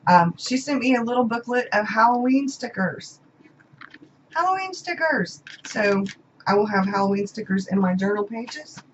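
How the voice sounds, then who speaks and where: A woman's voice: medium pitch, fairly even intonation, moderate pace. Woman, casual home vlog, emotional, repeats words, dull sound, faint room hiss. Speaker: vlogger. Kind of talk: casual unboxing chat.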